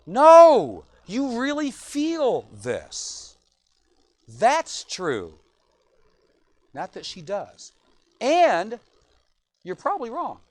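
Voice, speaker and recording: A male pastor delivers an evening sermon in a high, very animated voice that leaps up and down. He acts out the lines of the people he quotes in short voices. The recording is close and dry. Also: very slow, long pauses, no room sound.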